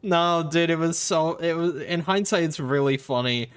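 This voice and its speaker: A man's voice: on the high side, moderate pace, clean tone, no echo. Rambling man telling a story on stream. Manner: rambling storyteller acting out quotes, many fillers. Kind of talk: casual chat.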